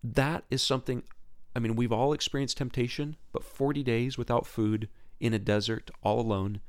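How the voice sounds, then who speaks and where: A man hosts a Christian podcast in an earnest, casual way, often repeating words and restarting, and his pitch jumps sharply when he gets excited. He talks at a moderate pace. His tone is clear and resonant.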